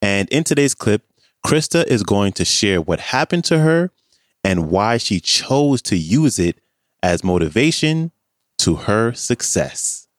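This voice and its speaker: A man hosting a podcast, introducing the episode in a slow, measured, expressive way. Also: lowish voice, dry recording, clean studio sound. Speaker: podcast host. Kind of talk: scripted show intro.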